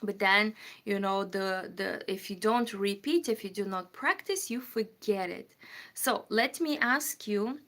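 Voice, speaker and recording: A woman's voice: mid-range voice, unhurried, fairly bright tone. A woman from Moldova, hosting a casual livestream and chatting as she reads out viewer comments and answers them. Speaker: livestream host. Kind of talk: casual live-stream chat.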